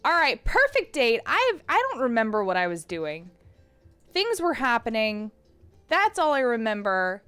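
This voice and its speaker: A slightly hoarse woman streamer chatting casually and self-mockingly as she plays a game. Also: on the high side, wildly swooping pitch, a little slow, a bit bright, dry recording, soft background music. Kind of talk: casual live-stream chat.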